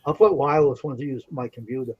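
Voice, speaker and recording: A man's voice: mid-range voice, fast, breathy edge, dull audio. A man chatting on a live stream, greeting viewers by name and talking about his plans. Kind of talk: casual chat.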